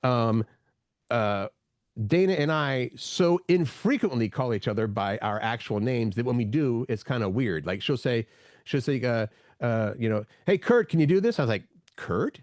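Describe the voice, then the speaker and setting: A man's voice: mid-range voice, normal speed, a little mellow, no echo, studio quality. A man co-hosting a morning radio show, chatting casually and rambling into jokes.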